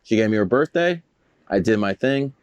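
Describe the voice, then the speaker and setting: A man's voice: lowish voice, lively intonation, moderate pace, clean tone. A man telling stories as a guest in a casual interview, boastful, profane and rambling. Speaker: guest, numerologist.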